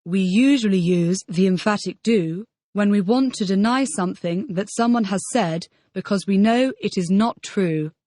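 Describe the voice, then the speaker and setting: A woman's voice: mid-range voice, normal speed, hardly any pauses, warm tone, dry recording, clean studio sound. A woman reading the model answers in a scripted audio language lesson, repeating each question as a full-sentence answer. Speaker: model student answering drills.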